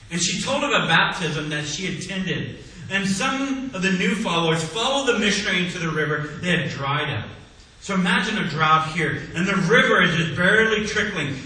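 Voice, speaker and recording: A male pastor delivers a sermon, his voice bright and forceful, slightly higher than most men's. He swings between loud exclamations and quiet, low phrases. The recording is heavily echoey and picked up from some distance across the church. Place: church sanctuary.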